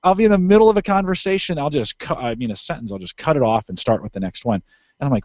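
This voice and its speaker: A man's voice: mid-range voice, expressive, fast, a little mellow, no echo, highs cut off. A man co-hosting a podcast, talking casually in a rambling, emphatic way and often restarting sentences. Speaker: podcast co-host.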